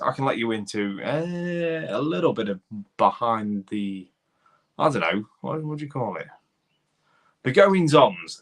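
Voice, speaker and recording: A man's voice: fairly low pitch, fairly bright tone. A man with a Lincolnshire accent hosting a casual live stream, chatting matily to viewers and reading their comments with plenty of fillers. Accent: English, Lincolnshire. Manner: chatty, matey, rambling with fillers. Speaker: YouTube channel host reading live chat.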